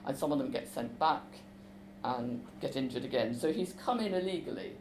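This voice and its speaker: A woman author talking about her visits to schools, lively and chatty. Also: very deep voice, normal speed, reverberant, slight background noise, poor audio. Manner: lively, chatty, with fillers and restarts. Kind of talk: talk with a book reading.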